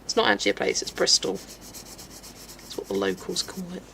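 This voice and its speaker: A young woman chatting casually on a livestream while she colours, self-mocking and quick to laugh. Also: medium pitch, fairly even intonation, creaky, a bit bright, a little hiss or hum. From South West England. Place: home, streaming while colouring.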